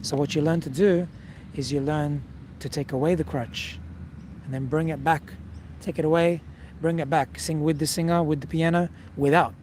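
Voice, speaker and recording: A man's voice: a little high, steady tone, moderate pace, a little mellow, a little hiss or hum. A man teaching singing in a casual video lesson, talking straight to the viewer and checking in with frequent "okay?"s. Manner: direct, coaching, frequent "okay?" check-ins.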